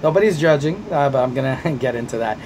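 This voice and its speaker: A man's voice: medium pitch, expressive, quick pace, darkish tone, a little hiss or hum. A man coaching people through anxiety in a vlog Q&A, answering viewer questions in a blunt, profane, fired-up way and repeating himself for emphasis.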